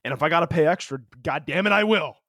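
A young man co-hosting a casual podcast, telling animated, joking stories and swearing freely. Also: fairly high pitch, fast talker, a little hiss or hum. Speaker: podcast co-host. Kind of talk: casual chat.

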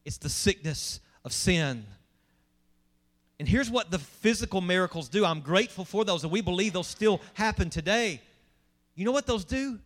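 A man's voice: high-pitched, expressive, moderate pace. A man preaching a sermon as pastor, emphatic and asking the congregation questions.

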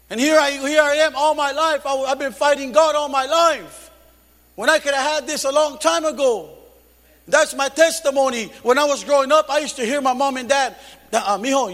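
High-pitched male preacher, fervent and shouting, in a reverberant church hall. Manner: fervent, shouting rebukes and calls to the congregation. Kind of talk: Pentecostal sermon testimony.

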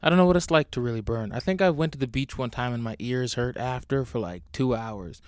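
A young man hosts a solo podcast from home, rambling and joking with plenty of swearing in a casual rant. His medium-pitched voice is brisk and smooth, and the recording is dry and studio quality.

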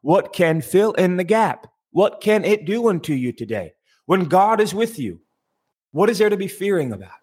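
Emphatic husky-voiced man preaching. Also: mid-range voice. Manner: emphatic, repeats phrases, pauses for effect. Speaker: podcast host giving a devotional. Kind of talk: devotional sermon.

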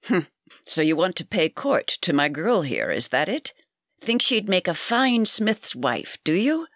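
A woman's voice: deep voice, sing-song, unhurried, a bit bright, no room sound, heavily acted. A woman voicing a wry, blunt old woman who mocks a young suitor. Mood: mocking. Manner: mocking, dry.

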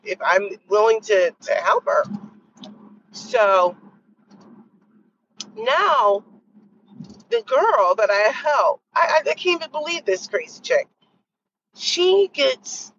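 Animated exasperated woman telling a story. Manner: animated, exasperated, quoting others in lowered voices. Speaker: podcast host. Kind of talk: casual storytelling monologue. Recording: dull lo-fi sound with faint noise.

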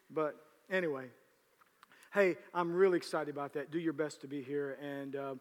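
A man leads his church as pastor, his voice sitting slightly high. He talks casually and jokes, then builds into emphatic preaching. The sound rings with the long echo of a large sanctuary. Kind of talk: sermon with church announcements. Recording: reverberant church hall.

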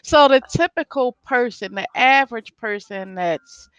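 A middle-aged woman, a rage room owner, talking as a guest in an interview, lively and laughing often as she acts out her customers. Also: on the high side, unhurried, clear, resonant tone, dry recording, highs cut off.

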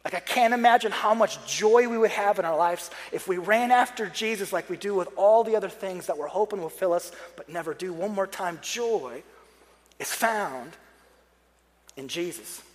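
High-voiced pastor in a reverberant hall. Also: male voice, normal speed. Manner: conversational, joking asides, earnest prayer passages. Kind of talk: sermon.

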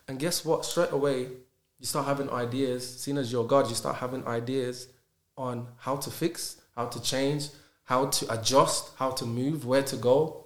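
A man, a podcast guest talking in animated casual conversation and stacking rhetorical questions. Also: medium pitch, moderate pace. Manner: emphatic, rhetorical questions, acts out dialogues.

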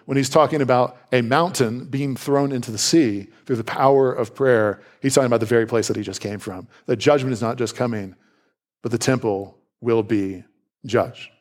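Delivering a sermon, a male pastor keeps things conversational and animated. Quick pitch jumps mark the reactions he voices, alongside playful asides.

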